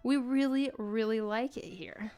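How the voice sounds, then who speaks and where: A woman's voice: a little high, unhurried, warm tone, clean tone. A woman, live-streaming and chatting casually, reading chat messages aloud and laughing often. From United States. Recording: faint music behind.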